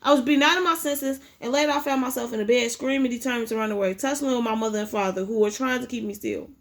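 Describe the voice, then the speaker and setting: A woman with a fairly high voice reading a memoir aloud. Her delivery is unpolished, with frequent stumbles and restarts. It sounds like a casual home read-aloud rather than a professional narration. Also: quick pace. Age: adult with a child. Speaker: audiobook reader.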